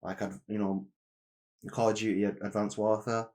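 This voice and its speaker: A man's voice: on the low side, level tone, normal speed, a little mellow. A young man co-hosting a podcast in casual chat, rambling and slangy, swearing freely. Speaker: podcast co-host.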